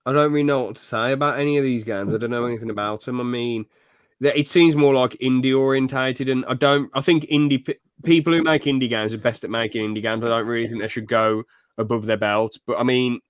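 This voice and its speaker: A man's voice: mid-range voice, steady tone, brisk, clean tone, no room sound. A man speaking as a guest on a casual gaming podcast, rambling and correcting himself.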